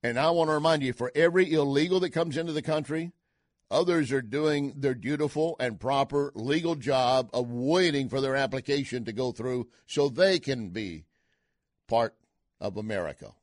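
A man's voice: medium pitch, normal speed, no echo. An older man hosting a talk radio show, delivering an opinionated monologue with emphatic, punchy asides into a studio mic.

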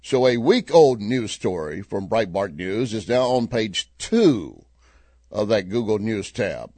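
A man's voice: on the low side, takes it slowly, breathy edge, dry recording. A middle-aged man hosting a talk radio show, commenting on news and telling a joke with chuckling asides. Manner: animated storyteller, chuckling asides.

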